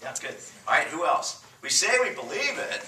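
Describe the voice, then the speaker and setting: A man teaches a church class in a lively, joking, emphatic way and gets the group to repeat phrases back to him. His voice is very bright and a little high. The recording is roomy and distant, with faint noise. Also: moderate pace. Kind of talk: church class lecture with call-and-response. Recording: roomy room mic from afar, faint noise.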